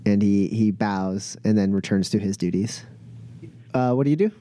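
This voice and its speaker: A man's voice: lowish voice, warm tone, no room sound. Hesitant male game master, dry sound. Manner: descriptive, many filler pauses. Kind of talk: narrating a tabletop game.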